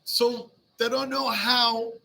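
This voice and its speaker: A man's voice: very high-pitched, takes it slowly, creaky. A rabbi telling a Talmud story to a class, switching between Hebrew and English and acting out the characters. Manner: lively, mixes Hebrew and English, acts out the characters. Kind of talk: animated storytelling lesson.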